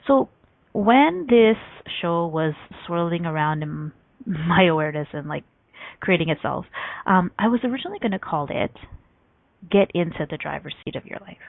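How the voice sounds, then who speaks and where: A woman hosting a motivational radio talk show, telling stories with lively acted-out voices and frequent laughter. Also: lowish voice, moderate pace, gravelly, dry recording. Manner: animated storytelling, acts out quoted voices; laughs often between points. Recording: tinny phone-like line, dry.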